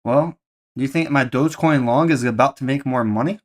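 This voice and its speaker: A man's voice: mid-range voice, a little fast. A man streaming live, playfully questioning an AI assistant in casual chat.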